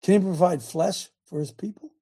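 Older guy preaching hard, gravelly fry in the voice, keeps asking the crowd questions. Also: high-pitched, moderate pace, dark tone. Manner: fiery, peppered with rhetorical questions to the crowd. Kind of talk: sermon.

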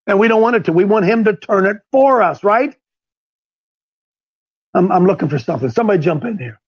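A man leading a group Bible discussion, animated, who slips into strained cries when he acts out characters. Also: high voice, a little fast, pauses often, slightly rough, muffled recording. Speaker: Bible study leader, called coach.

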